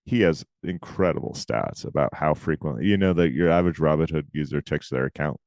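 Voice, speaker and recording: A man co-hosting a podcast in casual chat, talking emphatically with quick asides. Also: a bass voice, gravelly, a little mellow, no room sound. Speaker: podcast co-host.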